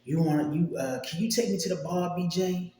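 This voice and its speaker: A woman's voice: a little fast, warm tone, lightly acted. A man putting on a whiny tipsy girlfriend. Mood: whiny pleading. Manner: high whiny pleading. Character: tipsy young woman, pleading girlfriend. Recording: very echoey room, faint ambience.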